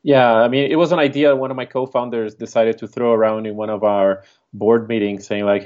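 A man's voice: on the low side, steady tone, fairly quick, a little mellow, muffled recording. A man with a Spanish accent, a startup co-founder, chatting easily as a guest in a casual podcast interview.

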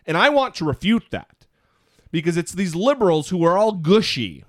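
A man co-hosting a podcast in casual chat, talking in an animated, self-deprecating, rambling way. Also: high voice, moderate pace, dry recording, clean studio sound. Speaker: podcast co-host.

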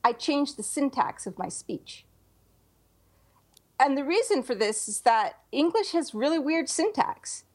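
A woman with a fairly high voice co-hosts a casual podcast about writing. She talks in a chatty, loose way, circling back with fillers and restarts as she works out her points. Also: big pitch swings, unhurried, a little mellow. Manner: chatty, thinks aloud with many fillers and restarts. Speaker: podcast co-host, writer.

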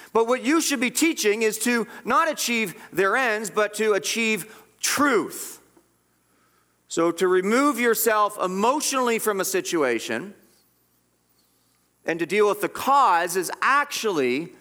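A man's voice: sits high, bright, forceful tone. A man preaching a sermon as pastor, earnest and emphatic, often repeating and restarting his words.

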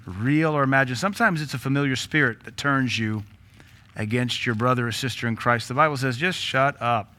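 A man's voice: mid-range voice, brisk, bright, forceful tone. A man preaching a sermon as pastor, blunt and joking, with rhetorical questions and laughs between points. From Tennessee.

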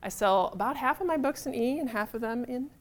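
A middle-aged woman author, giving a chatty, animated talk to a live audience in a room. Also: on the high side, a little fast. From United States. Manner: chatty, animated, self-deprecating humor.

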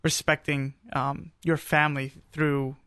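A man's voice: on the high side, little pitch movement, measured pace, a bit bright, clear, resonant tone, no room sound, clean studio sound. A man co-hosting a radio talk show, chatting casually with a joking manner and plenty of hesitant fillers. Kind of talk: casual chat.

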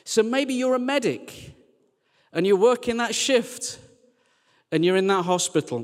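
A man preaching a sermon as a church team leader, chatty and joking, then turning quiet and earnest. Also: high voice, expressive, a little slow, pauses often, in a large hall. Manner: conversational and joking, dropping to quiet earnest lines.

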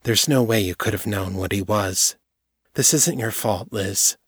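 A man's voice: fairly low pitch, a little slow, husky, no room sound, studio quality. A man voicing a frustrated female magic investigator in an audiobook, sour and clipped. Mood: consoling. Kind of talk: audiobook character voice.

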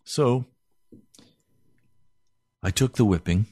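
A pastor telling a personal story in an animated sermon. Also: male voice, on the low side, very slow, slightly rough, no room sound.

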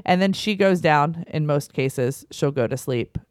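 Low-voiced chatty mom, dry sound. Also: female voice, unhurried, a little mellow, no echo. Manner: chatty, storytelling, many fillers. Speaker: podcast host and mother. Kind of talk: casual parenting chat.

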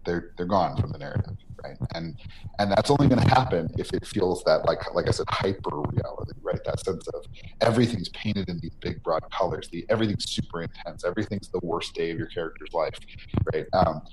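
A man with a low-pitched voice, speaking a little fast, is interviewed on a podcast as a game designer. He talks earnestly and tags points with "right?", all on a noisy line.

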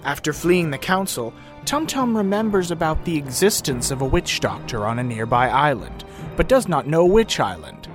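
Man reading a lively recap. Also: fairly high pitch, moderate pace. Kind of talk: recap narration. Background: music bed.

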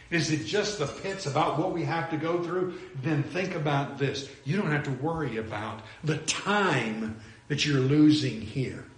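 A man's voice: medium pitch, echoey room. A man preaching a sermon, earnest and emphatic, often repeating and restarting his phrases.

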